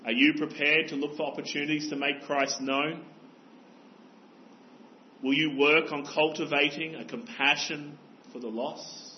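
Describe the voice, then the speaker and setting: A man's voice: fairly high pitch, fairly even intonation, a little slow, highs cut off, slight background noise. A man preaching a sermon as pastor, earnest and exhorting, pressing his listeners with rhetorical questions.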